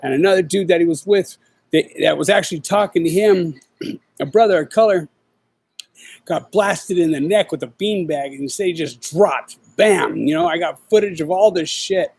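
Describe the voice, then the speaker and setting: A man's voice: on the high side, normal speed, creaky, darkish tone, slightly rough, rough recording. A middle-aged man hosting his own show, talking casually and rambling in profane street slang with lots of fillers. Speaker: podcast host. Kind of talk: casual livestream chat.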